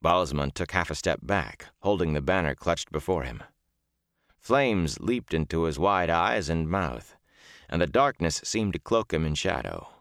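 A man narrating an audiobook in a measured, dramatic storytelling manner. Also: low voice, a bit bright, no room sound, clean studio sound. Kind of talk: scripted narration.

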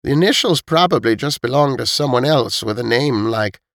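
A male narrator voicing a calm, reasonable older woman with a cane in a storybook reading. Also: medium pitch, moderate pace, gravelly, dry recording, studio quality, voice pushed up.

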